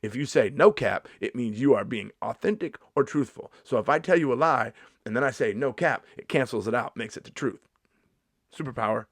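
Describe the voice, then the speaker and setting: A man's voice: medium pitch, animated, brisk, dry recording, clean studio sound. A man in his fifties doing a sarcastic, mock-indignant comedy vlog monologue, swearing freely as he rants. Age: 50s.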